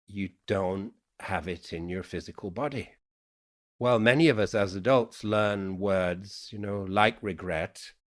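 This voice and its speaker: Lyrical poet with a Yorkshire-Irish-American accent. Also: male voice, low voice. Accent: mixed Yorkshire, Irish and American. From England, Yorkshire. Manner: lyrical, unhurried, thoughtful. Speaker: guest poet. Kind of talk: reflective conversation.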